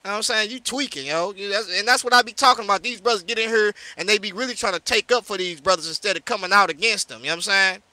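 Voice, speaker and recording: A high, piercing male voice, recorded dry and close with no room sound. He is a preacher from St. Louis, berating someone in a heated, confrontational rant with lots of repetition. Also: racing, hardly any pauses, pushed and bright, dry recording. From St. Louis, USA. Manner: confrontational and scolding, repeats "yo" and "you know what I'm saying". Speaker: street preacher hosting a live discussion.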